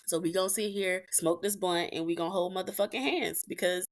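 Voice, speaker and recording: A woman's voice: medium pitch, quick pace, hardly any pauses. A woman hosting a podcast, telling a personal story in a blunt, profane, emotional way with emphatic repetitions. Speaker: podcast host.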